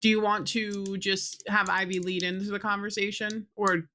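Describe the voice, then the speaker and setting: A woman's voice: mid-range voice, flat delivery, normal speed, sharp tone, slight background noise. A woman running a tabletop game with friends, laughing often and swearing freely. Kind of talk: tabletop game session, casual chat.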